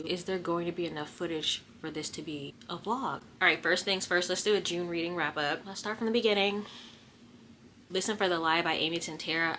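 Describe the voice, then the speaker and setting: A woman's voice: fairly low pitch, bright, forceful tone, slight background noise. A woman book vlogger talking casually and directly to her viewers about what she has been reading. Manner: chatty, talks straight to viewers. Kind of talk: casual vlog chat.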